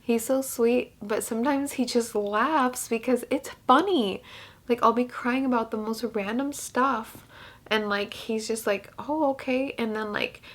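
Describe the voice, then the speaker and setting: Crying as she talks, a young woman rambles through a casual, emotional vlog, full of fillers and false starts. Her voice sits a little high and moves a little slowly.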